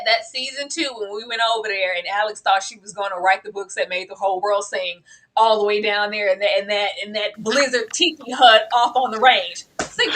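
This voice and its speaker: A woman co-hosting a casual TV review, talking in an animated way and scolding the characters as if they could hear her. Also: a little high, rough recording. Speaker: co-host of a TV review show. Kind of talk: casual TV recap chat.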